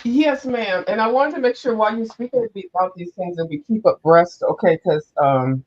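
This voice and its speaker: A woman's voice: mid-range voice, fairly quick. A woman calling into a livestream, telling gossip in a chatty, profane way. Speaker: caller on a livestream. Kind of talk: casual gossip. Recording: dull lo-fi call audio.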